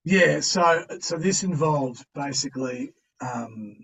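An Australian man telling his own story as a podcast guest in a slangy, conversational way, with pauses and restarts. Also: a little high, lively intonation, vocal fry, a bit bright, a little hiss or hum. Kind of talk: candid storytelling. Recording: distant, dull-sounding mic.

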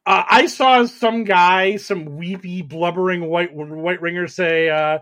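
High-pitched man, sarcastic political podcast chat, mocking, animated. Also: measured pace, few pauses. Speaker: podcast co-host.

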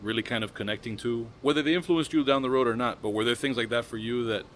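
A man's voice: mid-range voice, fast talker, a bit bright. A man hosting a podcast, asking loosely phrased questions in a casual interview, with a faint hiss behind. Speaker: podcast host.

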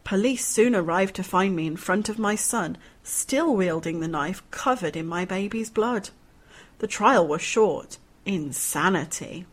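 A woman narrating a horror story aloud in an expressive, dramatic reading with a cheery touch. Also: mid-range voice, unhurried.

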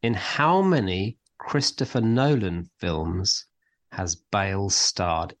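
A man's voice: low-pitched, slow pace. A man co-hosting a casual podcast, chatting about TV and running a light quiz in a rambling, teasing way. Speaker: podcast co-host.

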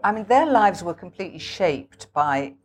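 A woman's voice: fairly low pitch, sing-song, moderate pace. A woman hosting a book event, introducing and questioning an author with many hesitations. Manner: hesitant, full of ums. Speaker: host interviewer.

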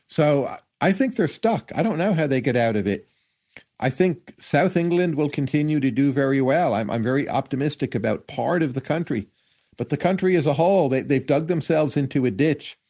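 Man, economist guest on a podcast, measured and analytical delivery. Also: on the high side, a little mellow. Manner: measured, analytical, hedging with hypotheses. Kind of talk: podcast interview answers.

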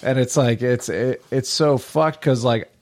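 A man riffing loosely on a podcast, venting with plenty of swearing and frequent laughs. His voice sits at an ordinary, middle-of-the-road pitch. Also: measured pace, darkish tone. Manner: sweary, ranting about the system, laughs along. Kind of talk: casual chat.

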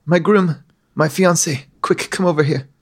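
A man's voice: fairly high pitch, moderate pace, husky. A man putting on a slightly posh English princess. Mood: urgent. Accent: slightly posh English, put on. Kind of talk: tabletop role-play voice acting.

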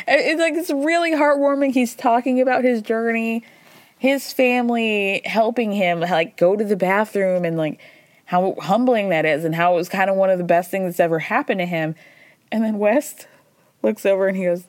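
A woman in her thirties recapping reality TV in a casual, animated storytelling way, quoting people as she goes. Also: mid-range voice, normal speed, no room sound. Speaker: podcast host recapping reality TV.

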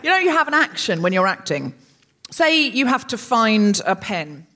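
A woman's voice: fairly high pitch, normal speed. A woman co-hosting a live comedy podcast on stage, chatting with a theatrical, laughing delivery. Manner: animated and theatrical, laughing while explaining. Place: on stage at a London concert hall before a live audience.

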